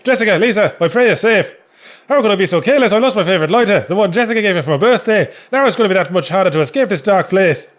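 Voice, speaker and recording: A man reading a game diary aloud in a comedy Irish accent, playing a trapped male writer with hammy, loud, sing-song delivery. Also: high voice, voice pushed up.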